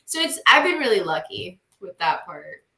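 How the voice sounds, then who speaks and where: A woman chatting on a podcast, her voice bright and clear. She tells her stories with laughter, restarts and quick asides. The room around her sounds roomy and echoey. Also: fairly low pitch. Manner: laughing, animated storytelling with restarts. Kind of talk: casual chat.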